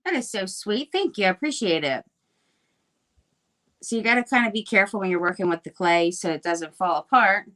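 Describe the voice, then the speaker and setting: A woman's voice: mid-range voice, brisk, sharp tone. A cheerful woman hosting a live crafting stream, talking casually while she works with clay. She is chatty and upbeat, with plenty of ums and restarts. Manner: chatty, upbeat, lots of fillers. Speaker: craft livestream host.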